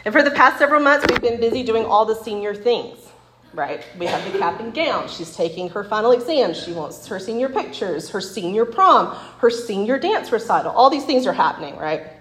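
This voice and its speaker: Woman in her forties, lively chatty Bible teacher, lots of "like", echoey room. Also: fairly high pitch, fairly quick, background noise. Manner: chatty, laughing, full of "like" and "right?". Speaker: women's Bible study speaker. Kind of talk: casual teaching talk with stories.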